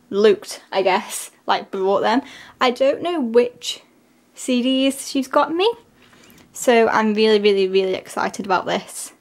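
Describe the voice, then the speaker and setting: A woman vlogging in a casual, gushing way, her voice sitting a little high. She talks slowly and keeps dropping filler words between her excited remarks. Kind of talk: casual unboxing vlog.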